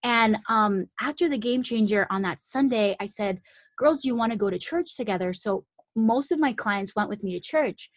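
In a dry recording, a young woman with a fairly high voice tells a long story at a moderate pace. Her casual, chatty delivery is packed with "like" fillers, and she acts out the voices of the people in the tale.

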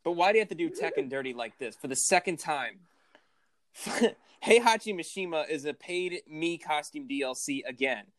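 A man's voice: a little high, expressive, moderate pace, a bit bright, dry recording. A man co-hosting a casual podcast chat, rambling, swearing and poking fun at himself. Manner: profane, rambling, self-mocking. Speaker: podcast co-host.

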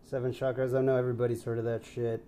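A man's voice: medium pitch, flat delivery, fast talker, warm tone. A young man co-hosting a casual podcast, laid-back, swearing a lot and calling his friend dude. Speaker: podcast co-host.

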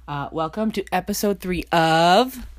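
A woman with a lowish, expressive voice talks a little slowly as she co-hosts a casual podcast from her bedroom. Her chat is sing-songy, giggly, and rambling.

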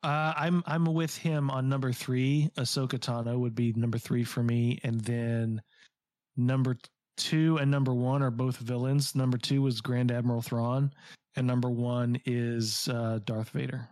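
A man's voice: mid-range voice, level tone, measured pace, darkish tone, dry recording. A man co-hosting a podcast in casual chat, laid-back with short, wry replies. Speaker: podcast co-host.

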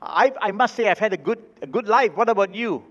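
A man's voice: high-pitched, animated, brisk, fairly bright tone, voice pushed up. A pastor voicing a humble, worn-out male one dollar bill in a sermon story, friendly and chipper. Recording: reverberant hall, dull sound.

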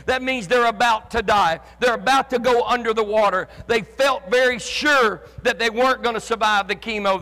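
Man, pastor, impassioned sermon, frequent shouting, stammered restarts, very high voice, long hall reverb. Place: church sanctuary with live and online congregation.

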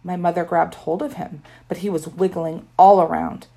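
Woman narrating a kids story, wry boy's voice in first person, some fry. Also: on the low side, steady tone, normal speed, dark tone. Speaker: audiobook narrator.

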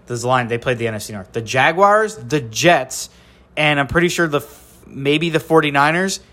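A man's voice: fairly high pitch, normal speed, bright, forceful tone. A young man with a nasal voice, hosting a sports rant podcast, talking in a blunt, profane, exasperated way. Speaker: podcast host.

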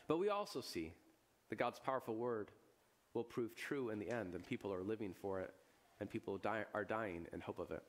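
A man as a pastor giving a sermon, retelling a scripture story with casual asides and chuckles, his voice jumping to loud, high bursts and then dropping to hushed, solemn lows. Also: animated, moderate pace. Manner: chuckles and asides in everyday speech.

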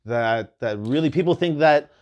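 Podcast host guy, chatty and animated, cusses a lot. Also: fairly high pitch, moderate pace, dull audio. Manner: animated storytelling, swears freely. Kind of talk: casual chat.

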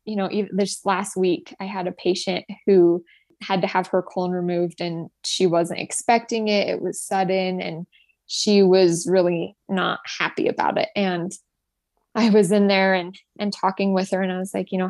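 A woman's voice: lowish voice, flat delivery, moderate pace, a little mellow, no echo. A woman in her twenties, a nurse, telling her personal story in an interview in an earnest, grateful way with many fillers and restarts. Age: 20s. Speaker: guest, nurse.

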